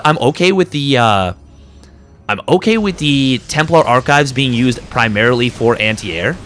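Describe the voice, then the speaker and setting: Bright-voiced excitable male game caster. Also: medium pitch. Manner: excitable, rising to quick bursts during fights. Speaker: esports caster. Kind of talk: live game commentary.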